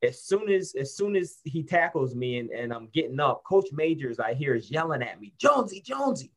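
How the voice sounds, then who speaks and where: A man's voice: mid-range voice, normal speed. A man in his fifties, from Syracuse, New York, telling a story about his college football days in a casual interview, with many restarts and fillers. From Syracuse, New York, USA. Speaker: guest, former college football player.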